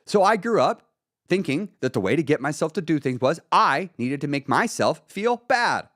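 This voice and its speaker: Male live-stream host, blunt and profane, lively pitch, dry mic. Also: moderate pace, dry recording. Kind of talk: casual motivational talk.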